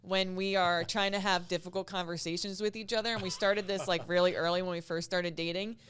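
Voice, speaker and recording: A woman's voice: on the low side, fairly quick, a little hiss or hum. A woman hosting a podcast, talking casually and with strong opinions, often getting emphatic. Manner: animated, opinionated, rising to emphatic outbursts. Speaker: podcast host.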